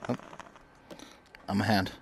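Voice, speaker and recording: A man's voice: takes it slowly, a crowd in the background. A young man casually commentating a game, crude and mumbling, talking back to the characters. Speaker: gaming streamer. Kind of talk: casual let's-play commentary.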